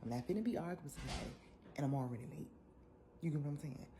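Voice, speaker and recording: A young woman, telling an animated, sassy story in a casual vlog. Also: sits low, very fast, noisy background. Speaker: vlogger.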